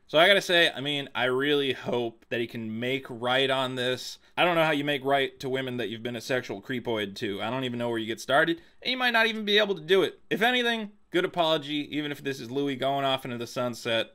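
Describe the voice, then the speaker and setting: A man's voice: medium pitch, animated, fast talker, hardly any pauses, pushed and bright. A man hosting a comedic commentary video, sarcastic and incredulous, swearing and laughing as he reads quotes aloud.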